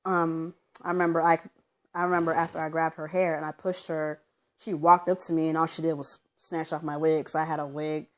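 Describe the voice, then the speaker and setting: A woman's voice: sits low, level tone, fairly quick. A woman at home recounting her own story in a casual vlog, rambling with lots of fillers and acting out what people said. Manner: rambling, with many fillers like um and you know; loosely reenacts what people said as she tells it.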